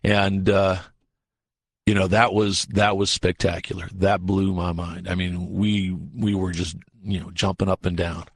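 A low-pitched man, speaking a little slowly with no echo, is a researcher guesting on a radio show. Casually and animatedly he works through a long story, performing what people said, with plenty of fillers and restarts.

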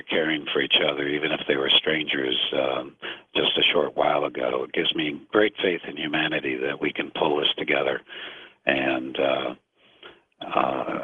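A man in his fifties, a guest on a call-in radio show, talking slowly and earnestly with many pauses. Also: rumbling low, slightly rough, no room sound. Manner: slow, earnest, many hesitations. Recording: narrow phone-like line.

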